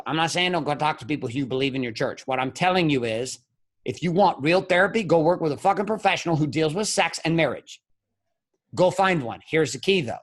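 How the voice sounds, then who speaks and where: Middle-aged male guest, somewhat high voice, blunt and profane, hammers every point home. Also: fairly bright tone. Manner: blunt, profane, emphatic storytelling. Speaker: podcast guest, men's coach. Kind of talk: candid podcast interview.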